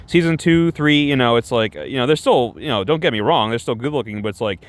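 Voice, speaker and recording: A man's voice: medium pitch, a little fast. Rambling, self-conscious male streamer. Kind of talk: casual livestream chat.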